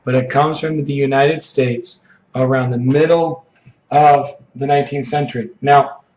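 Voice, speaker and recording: A man teaching an English idiom lesson, his voice hoarse and froggy from allergies, explaining slowly with frequent "okay"s. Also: mid-range voice, fairly even intonation, darkish tone, roomy sound, poor audio. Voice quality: froggy, rough throat.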